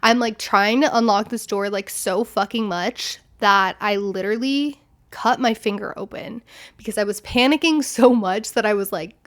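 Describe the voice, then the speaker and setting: A young woman hosting a podcast, telling a story in a casual, animated way, with constant "like" fillers and frequent swearing. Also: on the high side. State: recovering from an illness. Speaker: podcast host.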